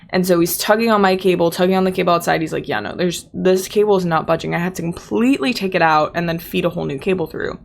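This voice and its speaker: A woman's voice: on the low side, creaky, a little hiss or hum. A young woman hosting a podcast, telling a personal story in a chatty way, full of "like" fillers. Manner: chatty, lots of "like" fillers, quotes others in her own voice. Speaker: podcast host. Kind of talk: casual storytelling.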